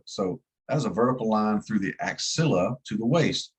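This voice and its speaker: A man's voice: fairly low pitch, lively intonation, moderate pace, breathy edge, poor audio. A man with a slight Southern US twang teaching an EMT class in a casual, folksy way, asking his students to follow along. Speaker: EMT instructor.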